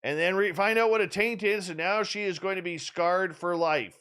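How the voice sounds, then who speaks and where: High-pitched with a clean tone and moderate pace, a man hosts a radio talk show. The chat is casual, and he jokes and teases a regular listener in an animated way.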